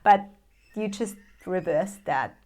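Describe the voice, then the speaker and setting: A woman's voice: on the low side, slow. Curious, eager woman hosting a podcast. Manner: eager, curious, lively questioning. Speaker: podcast host. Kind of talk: interview conversation.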